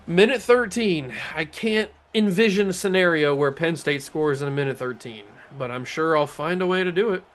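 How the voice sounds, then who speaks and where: A man hosting a gaming channel, giving joking play-by-play commentary on his own video game, talking to himself and swinging between mutters and excited yells. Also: fairly high pitch, moderate pace, hardly any pauses.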